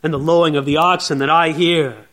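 A preacher acting out a weary, stern old prophet who speaks low and cold. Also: male voice, fairly even intonation, brisk, fairly bright tone, lightly acted.

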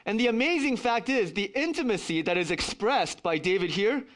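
Lively, high-voiced male preacher. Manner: earnest, emphatic preaching with wry asides. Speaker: pastor. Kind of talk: sermon.

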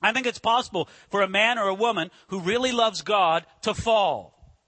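A man's voice: high-pitched, normal speed, pushed and bright, no echo. A man preaching a sermon as a pastor, earnest and full of rhetorical questions.

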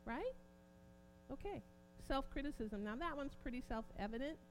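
A woman preaching an informal sermon, growing impassioned and forceful at points. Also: sits high, animated, moderate pace, a little hiss or hum. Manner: impassioned, rising to near-shouting emphasis.

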